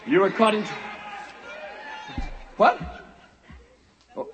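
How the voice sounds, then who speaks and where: High-pitched guy doing raunchy standup, bouncy voice, noisy crowd room. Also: big pitch swings, very slow, lo-fi sound. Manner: brash, crude, loud crowd work. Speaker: stand-up comedian. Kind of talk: stand-up comedy set.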